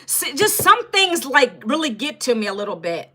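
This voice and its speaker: A woman's voice: high voice, big pitch swings, normal speed, pushed and bright, husky. A woman in her fifties from Northern Virginia, chatting casually on a livestream and talking straight to her viewers. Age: 50s. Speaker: livestream host.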